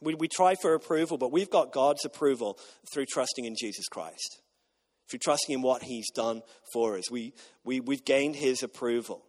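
A man's voice: mid-range voice, moderate pace, darkish tone. A man preaching a sermon as pastor, emphatic and repetitive, getting the congregation to repeat lines back. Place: church auditorium. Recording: long reverb of a large hall.

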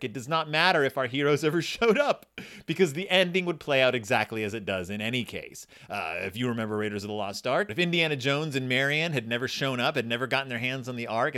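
A man's voice: medium pitch, sharp tone. A man hosting a podcast and chatting casually about a children's book in a playful, jokey way. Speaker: podcast host.

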